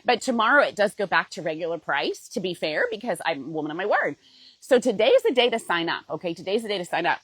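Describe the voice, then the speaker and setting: A woman's voice: on the low side, very animated, quick pace, fairly bright tone, breathy edge, no room sound, low-quality recording. A middle-aged woman coach talking straight to her viewers in a heartfelt, emotional way, often checking in with "okay?". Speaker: fitness program coach. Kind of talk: heartfelt direct-to-camera pitch.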